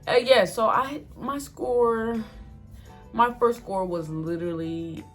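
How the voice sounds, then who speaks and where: A young woman chatting casually to her viewers as she tells a story, full of "like" and "y'all", with lively ups and downs. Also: on the high side, takes it slowly, faint music behind. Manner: chatty and expressive, fillers like "like", addresses viewers as y'all. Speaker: vlogger telling a story.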